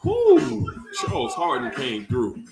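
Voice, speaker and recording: A man's voice: mid-range voice, slow pace, creaky, reverberant, over loud music. Playful man hosting a live stream. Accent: Washington DC. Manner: playful, laughs often, animated. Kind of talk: casual chat greeting viewers.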